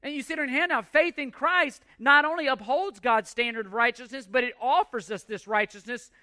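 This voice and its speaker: A man's voice: very high-pitched, a little fast, bright, forceful tone, no room sound, clean studio sound. A man in his forties preaching a sermon in an emphatic way, asking rhetorical questions and repeating words as he works through his points. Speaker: pastor.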